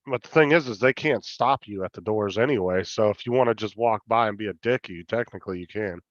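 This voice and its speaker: A man with a fairly low voice speaks haltingly and keeps restarting his sentences. His audio is dull and dry, as if it comes from a remote connection. He sounds like he is chatting casually. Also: dry recording. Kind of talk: casual chat.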